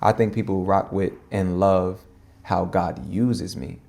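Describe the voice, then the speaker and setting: A man, a minister talking fast and animated in slang, in a casual podcast conversation. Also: low voice, vocal fry.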